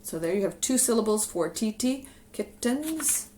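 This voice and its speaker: A music teacher talking to her own camera in a relaxed, explanatory way, walking teachers through classroom rhythm activities. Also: fairly high pitch, normal speed, slight background noise. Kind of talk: instructional video talk. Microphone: camera she films herself with.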